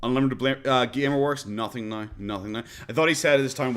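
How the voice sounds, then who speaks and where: A man's voice: medium pitch, quick pace, a bit bright, clean tone. Sarcastic Irish man streaming. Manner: sarcastic, swears a lot, lots of fillers. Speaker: streamer reacting to a video. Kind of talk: casual reaction commentary.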